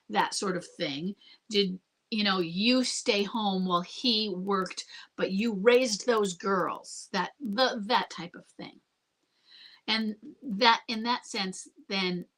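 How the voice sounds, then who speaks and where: A middle-aged woman answering questions in a live Q&A as a marriage coach. She talks calmly and earnestly and often repeats herself. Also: medium pitch. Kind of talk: live Q&A advice.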